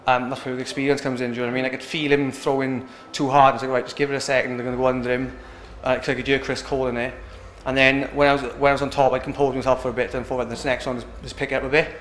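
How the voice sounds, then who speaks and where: A man's voice: medium pitch, level tone, racing, few pauses, fairly bright tone, echoey room, slight background noise. A young man from Britain, an MMA fighter talking casually after a win, rambling and often asking "do you know what I mean". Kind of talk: post-fight interview.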